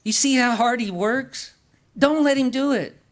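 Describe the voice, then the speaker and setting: A man's voice: very high voice, unhurried. A man preaching a sermon in an earnest way, asking the congregation questions and often repeating or restarting words.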